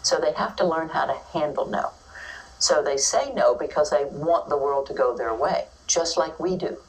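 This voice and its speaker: Brief: deep-voiced woman educator, chatty talk recorded from across the room. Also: normal speed, far from the mic, poor audio. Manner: lively, acts out children's and teachers' voices. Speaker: early childhood educator giving a talk. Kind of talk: informal teaching talk.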